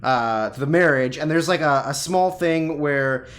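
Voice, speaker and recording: A man co-hosting a casual podcast, walking through a film's plot in a loose, rambling way. His voice sits a little high for a man, and he drops into quick acted-out quotes as he goes. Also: a bit bright. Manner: rambling retelling, acting out lines in quick bits. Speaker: podcast co-host. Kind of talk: casual movie recap chat.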